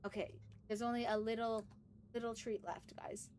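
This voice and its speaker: A woman from Canada, chatting casually and excitably on a gaming livestream, swearing and cooing at her dogs. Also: a little high, normal speed, a little hiss or hum. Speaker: streamer.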